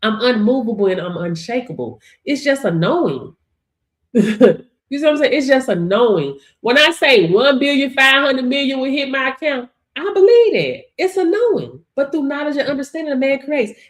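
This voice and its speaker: A woman's voice: high-pitched, expressive, moderate pace. A woman hosting a motivational livestream, talking to viewers in a preachy way and laughing often. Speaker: livestream host.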